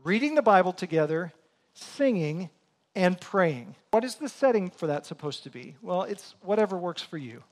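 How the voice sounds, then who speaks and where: A man's voice: high voice, big pitch swings, normal speed. A middle-aged man preaching a sermon in a church, telling earnest, self-deprecating stories about family life. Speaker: pastor.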